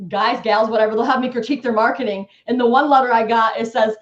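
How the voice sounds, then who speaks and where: High-voiced woman coaching, echoey lo-fi. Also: steady tone, fast. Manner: emphatic, coaching, acts out scripts. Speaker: guest real estate coach. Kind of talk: live webinar talk. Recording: echoey, dull lo-fi stream audio.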